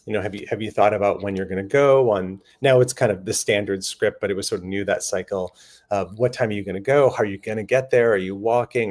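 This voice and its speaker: A man speaking as a panel guest in a casual discussion, earnest and animated, slipping quick quoted asides into his stories. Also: lowish voice. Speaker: panel guest on voting and redistricting.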